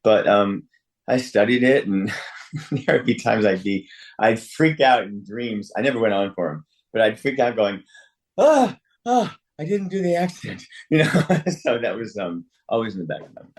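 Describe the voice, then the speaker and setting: A man in his sixties, an actor speaking as a guest over a video call, animated and often correcting himself with laughs. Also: lowish voice, normal speed. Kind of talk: remote interview.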